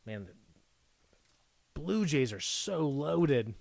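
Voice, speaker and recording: An excitable man hosts a live card break, his slightly high voice swinging up and down as he talks at an unhurried pace. He rambles in chatty asides and breaks into gasps and whoops over good pulls. The sound is dry and close. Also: gravelly, dry recording.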